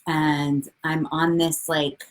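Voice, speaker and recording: A woman in her forties hosting a casual live video chat, bubbly and excitable, swearing freely and greeting viewers by name. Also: deep voice, takes it slowly. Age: 40s. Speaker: livestream host, coach.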